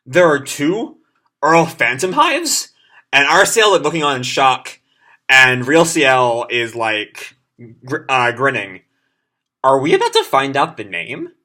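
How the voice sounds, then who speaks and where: A man's voice: mid-range voice, huge pitch swings, a little slow, pushed and bright. A man casually reading a comic aloud live and reacting to it in a chatty way, with lots of fillers. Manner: chatty, many fillers, reads the lines aloud.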